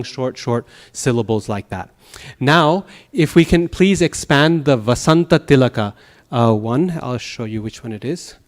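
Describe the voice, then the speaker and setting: A man teaching a Sanskrit class, explaining patiently, checking in with the students and reciting verse slowly in rhythm. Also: medium pitch. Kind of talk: classroom lecture. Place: temple classroom.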